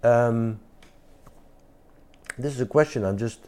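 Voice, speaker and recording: A man's voice: mid-range voice, takes it slowly, mellow, clear, resonant tone. A man leading an informal spiritual talk, pressing his listeners with repeated questions and emphatic asides. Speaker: spiritual teacher.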